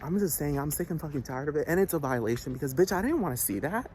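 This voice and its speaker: Man, ranting, agitated, profane, repetitive, slightly high voice, faint background noise. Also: lively intonation, fast talker, a little mellow. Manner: agitated, repetitive, profane, keeps asking "do you understand". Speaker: vlogger. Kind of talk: heated rant to camera.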